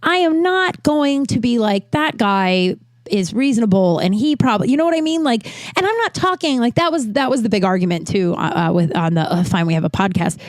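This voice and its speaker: A woman's voice: medium pitch, fairly quick, no room sound. A woman hosting a podcast, talking casually and animatedly, with frequent restarts and fillers and some swearing when heated. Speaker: podcast host. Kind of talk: casual monologue. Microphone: podcast mic, also filmed for video.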